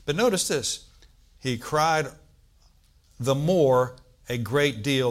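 A male pastor preaching a sermon, calling out to the congregation for responses and swinging from loud bursts to soft, low asides. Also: measured pace.

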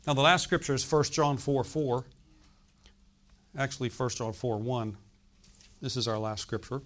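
A man in his sixties preaches at a medium pitch, with fairly even intonation, normal speed, and a slightly bright tone. As pastor he's emphatic, often posing questions for the congregation to answer.

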